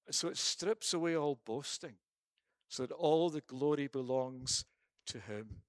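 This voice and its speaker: A man's voice: medium pitch, unhurried, no room sound, studio quality. A man preaching a sermon and then leading a prayer, emphatic, with rhetorical questions and repeated phrases.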